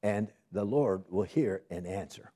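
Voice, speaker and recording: A man's voice: lowish voice, measured pace, dark tone. A man preaching a sermon, asking the congregation questions and often repeating and restarting his phrases.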